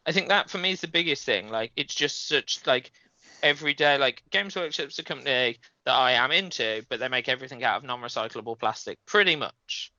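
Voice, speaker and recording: A man's voice: medium pitch, brisk, pushed and bright, no echo, lo-fi sound. Man, frustrated rant, run-on sentences, dry close sound. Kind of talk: casual group chat.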